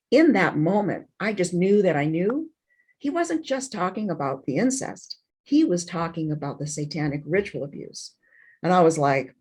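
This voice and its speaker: A middle-aged woman, an interview guest, telling a painful personal story in an emotional, halting way, with many restarts and fillers. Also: deep voice, lively intonation, darkish tone, slightly rough.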